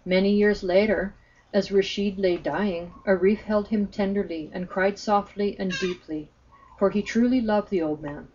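A woman narrating a spiritual story in a gentle, earnest way, on a slightly muffled recording. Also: mid-range voice, steady tone, normal speed, slight background noise.

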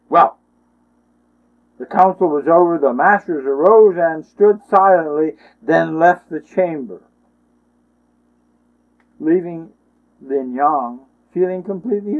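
Man, storyteller, emotive dramatic telling, slightly high voice, tinny phone-line sound. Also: expressive, takes it slowly, pauses often. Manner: emotive, with many ohs and wells.

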